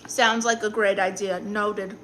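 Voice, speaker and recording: A woman's voice: mid-range voice, flat delivery, a little slow, fairly bright tone, a little hiss or hum. A woman with a Brooklyn accent hosting a casual live stream as a comedic aunt, chatting sassily and answering the chat while she eats. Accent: New York, Brooklyn.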